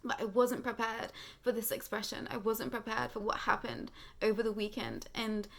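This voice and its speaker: A woman close to tears, speaking earnestly and slowly about a spiritual awakening as host of her channel. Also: on the high side, level tone, creaky, fairly bright tone. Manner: tearful, earnest, slow heartfelt pauses. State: close to crying. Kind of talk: emotional spiritual monologue.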